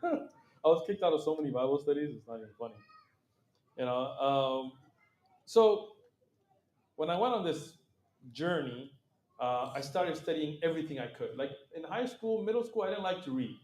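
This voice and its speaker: A middle-aged man as an interview guest, telling stories in a lively, casual way, acting out quoted voices and laughing often. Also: on the high side, moderate pace, long pauses, reverberant.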